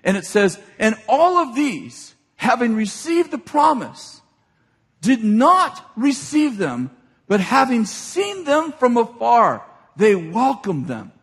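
A man preaching a sermon. He retells scripture in everyday speech and builds to shouted, excited appeals. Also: very high voice, slow, husky. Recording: long hall reverb.

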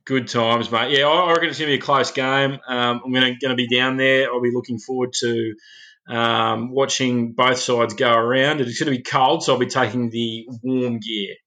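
A man's voice: medium pitch, fairly even intonation, moderate pace, sharp tone. An Australian man co-hosting a rugby podcast, chatting casually with laid-back, sarcastic banter. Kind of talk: casual chat.

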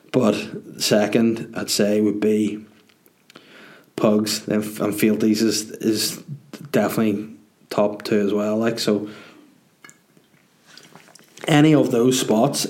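A young Northern Irish man hosts a podcast in a loose, rambling chat, joking and cursing as he goes. His voice sits at an ordinary middle pitch, and he answers listener questions in a relaxed, offhand way. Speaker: podcast host and comedian.

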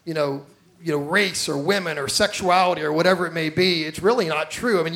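A male pastor with a high voice delivers a lively sermon. He tells stories with energy, acts out the people he quotes, and turns to the congregation with direct questions.

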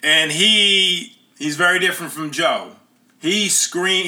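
A man's voice: fairly high pitch, slow, pushed and bright. A man telling a personal story in an earnest, conversational way.

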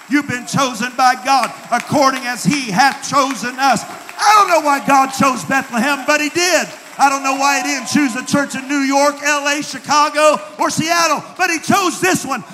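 A man with a Southern accent preaching a rhythmic sermon as pastor, swinging between hushed passages and shouted refrains. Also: very high-pitched. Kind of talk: fiery sermon. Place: church sanctuary. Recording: long hall reverb, faint crowd and noise.

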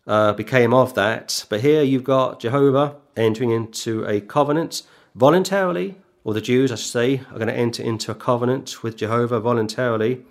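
A man preaches in a middle-range voice, firing pointed rhetorical questions at his listeners. He turns sarcastic and scolding, then slows right down to read scripture with heavy emphasis. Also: mid-range voice, vocal fry. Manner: reads scripture slowly and emphatically. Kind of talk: sermon.

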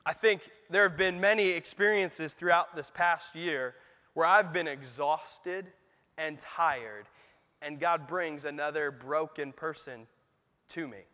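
Man, pastor, sermon, high voice, conversational with rhetorical asides, long hall reverb. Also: slow pace, bright, forceful tone.

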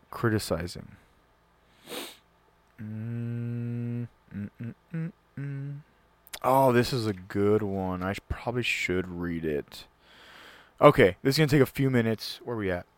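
Hosting a solo talk show, a man with a lowish voice chats casually and reads a passage aloud in earnest. He sometimes trips over words and starts them again. There's no echo on the recording.

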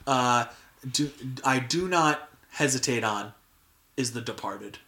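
A young man hosts a casual podcast at an ordinary middle pitch. His voice is bright and clear. He rambles loosely, peppering his talk with "like" and restarting his sentences. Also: takes it slowly. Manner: filler-heavy, frequent "like" and restarts. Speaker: podcast host. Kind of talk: casual chat.

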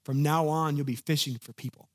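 A man preaching a sermon in an animated, conversational way, acting out the lines of the people in his story. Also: a little high, a little fast. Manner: animated, conversational, acts out quotes. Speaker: pastor.

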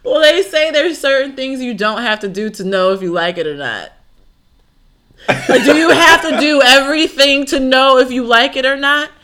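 A woman with a higher voice chats on a podcast in an unhurried way, her pitch leaping all over as she reacts. A faint hiss sits under her voice. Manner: expressive, quick reactions, laughs often. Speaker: podcast co-host. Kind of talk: casual chat.

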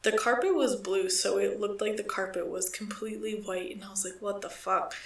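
A woman's voice: medium pitch, fairly even intonation, fairly quick, gravelly. A young woman co-hosting a podcast, rambling through a profane story with lots of "like". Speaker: podcast co-host. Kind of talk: casual storytelling. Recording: echoey room, far from the mic.

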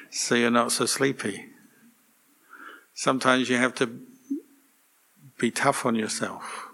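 Monk giving a dharma talk, gravelly low voice, pretty flat, easygoing with little jokes. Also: male voice, takes it slowly, pauses often. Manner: relaxed, anecdotal, gently humorous. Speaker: monk teaching meditation. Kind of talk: dharma talk to a meditation group.

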